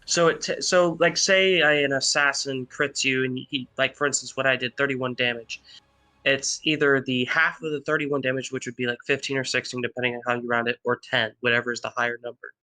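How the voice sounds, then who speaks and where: A man's voice: mid-range voice, fairly even intonation, fairly quick, sharp tone, no echo. A man playing a tabletop game who explains rules plainly to the others. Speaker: player.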